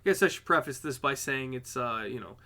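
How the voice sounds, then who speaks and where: Tired young man with a bright voice. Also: mid-range voice, brisk. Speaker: podcast co-host. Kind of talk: casual storytelling chat.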